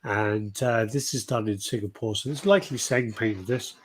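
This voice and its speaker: A man's voice: on the low side, normal speed, slight background noise. A man co-hosting a casual podcast about collectible statues, rambling, swearing casually and laughing often. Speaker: podcast co-host.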